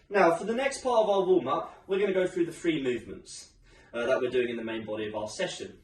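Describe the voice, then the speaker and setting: A man coaches a home workout in a chatty, encouraging way, his voice rising and falling in a lively sweep. He sounds a little out of breath. He is recorded at some distance in an echoey room. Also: mid-range voice, slight background noise. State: slightly out of breath. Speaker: fitness instructor.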